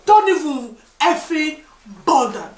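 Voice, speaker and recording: A woman's voice: high-pitched, very animated, takes it slowly. A woman hosting a podcast in casual chat, reacting bluntly and swearing freely. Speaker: podcast host. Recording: echoey room, distant from mic, faint noise.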